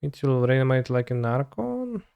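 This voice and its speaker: A man's voice: mid-range voice, very animated, moderate pace, vocal fry, a little mellow, clear, resonant tone, no room sound. A man streaming a card game, talking casually through his plays and muttering to himself with loose, offhand remarks. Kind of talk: casual live play commentary.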